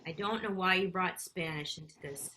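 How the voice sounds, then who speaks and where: A woman performing an improvised scene on a video call, with a dry, glum deadpan. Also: on the low side, normal speed, a little hiss or hum.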